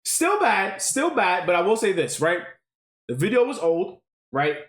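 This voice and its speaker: Lively high-voiced man streaming with echo. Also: measured pace. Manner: animated, keeps checking in with 'right?', swears freely. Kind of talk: casual live-stream commentary to chat. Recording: roomy echo.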